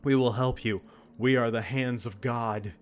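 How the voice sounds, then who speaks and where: A man reading the lines of a cold, judging entity made of many hands, in slow, solemn pronouncements. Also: mid-range voice, fairly even intonation, clean tone, faint music behind, natural voice.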